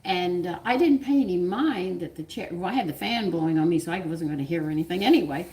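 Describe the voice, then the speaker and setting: Animated older Southern woman telling a story. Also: on the low side, fast talker. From American South. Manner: animated, laughs often, swings loud and quiet. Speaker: cooking channel host. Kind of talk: casual storytelling.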